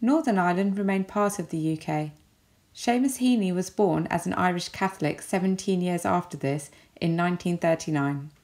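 A woman with an English accent, giving a recorded lesson as a teacher with clear, measured explanations. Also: on the low side, a little mellow.

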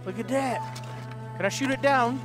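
A man giving excitable let's play commentary, with loud outbursts and giggly laughter. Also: very high-pitched, normal speed, over music. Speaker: gaming YouTuber.

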